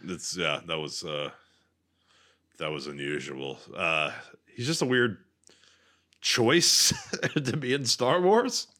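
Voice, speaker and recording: A man on a podcast rambles through a fan theory, stopping on fillers and slipping in dry jokes. His voice sits fairly low but sounds bright and forward. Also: slow, long pauses. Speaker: podcast co-host. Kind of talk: casual podcast chat.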